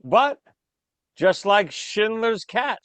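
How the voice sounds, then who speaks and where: A male podcast host in loose, casual chat, spinning stories with gusto. His voice sits a bit high and sounds dry and close. He talks with lively energy. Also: drawn-out words, no room sound. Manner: animated storyteller, acts out quoted voices.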